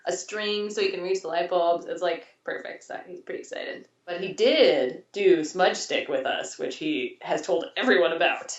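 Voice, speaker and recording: A woman's voice: on the low side, normal speed, few pauses, distant mic. A woman in her thirties chatting casually on a video call from her new house, rambling and laughing often. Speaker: podcast co-host. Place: new house, showing the yard. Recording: muffled, roomy, from off the mic.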